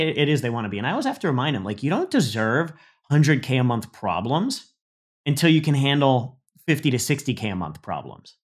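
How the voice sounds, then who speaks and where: A man in his thirties giving a motivational business talk, emphatic, repeating words and tagging his points with "right?". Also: mid-range voice.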